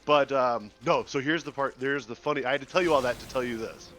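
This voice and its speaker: A man's voice: medium pitch, quick pace, fairly bright tone, faint music behind. A man streaming live, telling a long story in casual chat, laughing and acting out what people said. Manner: laid-back storyteller, laughs and acts out quotes.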